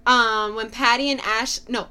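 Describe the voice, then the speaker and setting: A woman's voice: fairly high pitch, fairly even intonation, a little slow, sharp tone, smooth. A young woman chatting casually about a TV show, swearing freely and filling her talk with "like". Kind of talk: casual chat recapping a TV show.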